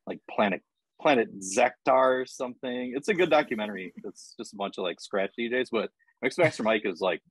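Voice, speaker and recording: A man's voice: mid-range voice, a little fast, breathy edge, dry recording, low-quality recording. A man chatting as a podcast guest, easygoing and agreeable, with many fillers. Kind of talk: casual chat.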